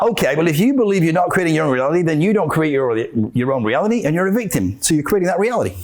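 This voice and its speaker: Guy doing a solo spiritual talk, high lively voice, acts out both sides of an argument. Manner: animated, argues both sides in a dialogue with himself. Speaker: podcast host.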